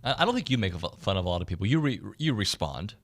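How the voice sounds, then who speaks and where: A man's voice: fairly low pitch, sing-song, fast, fairly bright tone. A man hosting a sports radio show in a studio, chatting casually and self-deprecatingly with plenty of restarts. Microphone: studio microphone.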